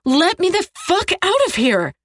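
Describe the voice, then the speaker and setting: A woman voicing a terrified, furious young woman held captive, speaking in high, shrill, defiant outbursts. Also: wildly swooping pitch, unhurried, no room sound, studio quality, heavily acted. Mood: panicked.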